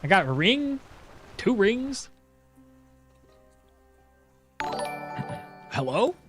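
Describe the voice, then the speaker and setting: A man streaming a game, chatting casually and excitably, swearing now and then. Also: sits high, slow, music in the background. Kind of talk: casual gameplay commentary.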